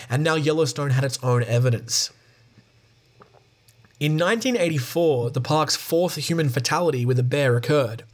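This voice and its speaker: A man casually reading aloud from a book, with ums and short dry asides between passages. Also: medium pitch. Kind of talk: casual read-aloud narration.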